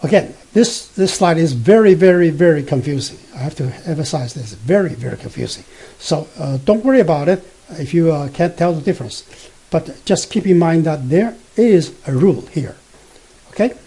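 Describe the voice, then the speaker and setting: A man teaching beginner Mandarin from slides, explaining slowly and haltingly with many fillers, and reading example sentences tone by tone. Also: on the high side, expressive, mellow, breathy edge. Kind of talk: slide-based language lesson.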